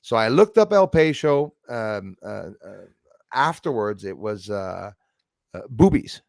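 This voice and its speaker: A man whose first language is French, hosting a casual chat and telling animated stories with mimicked accents. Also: on the low side, a little slow, vocal fry, no room sound. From Canada. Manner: animated storyteller, mimics accents, laughs often. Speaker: channel host.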